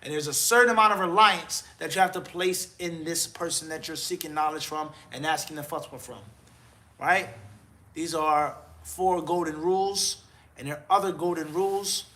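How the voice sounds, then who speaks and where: A man's voice: a little high, steady tone, normal speed, pushed and bright. A man answering live questions as a mufti, firm and exhorting, counting off points and joking about himself.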